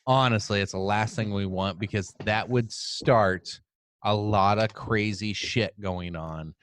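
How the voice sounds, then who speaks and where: A man's voice: on the low side, fairly even intonation, a little slow, a bit bright, slight background noise. A man co-hosting a casual political podcast, talking in a heated, profane rant. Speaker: podcast co-host.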